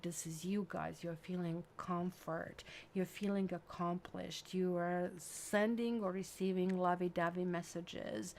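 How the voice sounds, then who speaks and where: A woman with an accent, giving a casual, rambling tarot reading full of fillers. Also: mid-range voice. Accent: non-native English accent. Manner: chatty and rambling, with many fillers like "like" and "um". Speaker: tarot reader.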